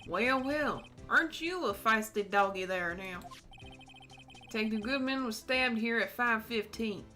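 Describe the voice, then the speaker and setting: A drawling Tennessee cowboy lawman, voiced by a woman, folksy and unhurried, lingering on his frontier sayings. He sits fairly high and takes his time, with faint music running under him. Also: expressive, sharp tone. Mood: folksy showman. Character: laid-back Southern cowboy lawman, adult man.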